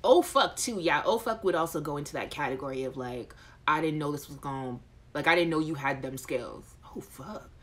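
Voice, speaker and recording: A woman's voice: deep voice, brisk. A woman hosting a casual live chat show, reading out viewer comments in a playful, frank way. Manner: animated, playful and frank, with laughter.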